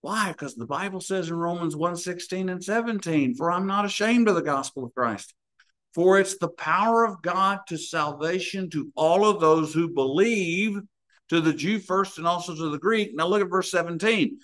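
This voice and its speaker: A man's voice: high voice, moderate pace, a bit bright. Storytelling preacher, man. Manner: storytelling preacher, acts out voices in anecdotes. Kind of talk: sermon.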